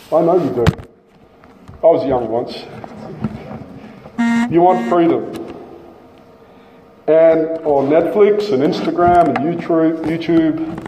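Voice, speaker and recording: Slow emphatic preacher in a hall. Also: male voice, fairly high pitch, mellow, a little hiss or hum. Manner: emphatic, slows and repeats key phrases. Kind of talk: sermon. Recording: echoey hall from a distance.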